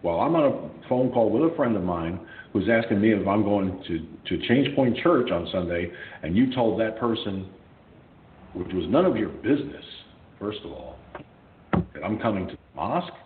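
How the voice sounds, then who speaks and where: A man hosting a radio show, telling a story in a blunt, profane, animated way. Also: on the low side, normal speed. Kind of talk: casual storytelling. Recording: echoey tinny phone-like line with faint hum.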